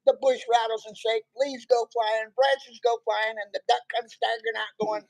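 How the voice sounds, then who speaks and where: A man's voice: extremely high pitch, little pitch movement, moderate pace, vocal fry, rough recording. A man, a Navy veteran guest, telling stories and jokes in a casual chat by a campfire and laughing often. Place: outdoors by a campfire.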